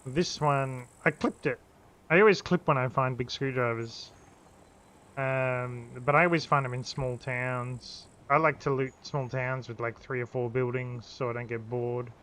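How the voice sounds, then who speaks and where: Brief: male streamer, excitable, swears a lot, faint hiss behind. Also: medium pitch, a little slow. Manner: swears freely, talks to himself, excitable. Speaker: game streamer. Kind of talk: live gameplay commentary. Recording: faint background noise.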